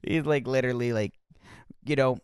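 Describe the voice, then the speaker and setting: A man's voice: medium pitch, moderate pace, a little mellow, clear, resonant tone, dry recording, clean studio sound. A man telling touring stories in casual chat, rambling with lots of fillers. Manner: rambling with many fillers and restarts.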